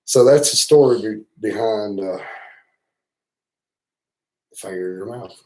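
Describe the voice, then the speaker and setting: A man's voice: on the low side, measured pace, darkish tone, rough recording. A man with a Southern US accent, hosting a livestream and spinning rambling, profane, teasing stories in a casual way. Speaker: motorcycle travel channel host.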